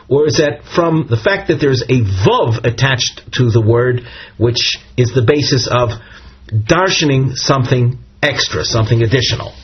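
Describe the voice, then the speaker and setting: A man's voice: mid-range voice, breathy edge. A man teaching a Talmud lesson, reading the Aramaic text aloud and explaining it step by step in English. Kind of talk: Daf Yomi Talmud lesson. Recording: dull lo-fi recording.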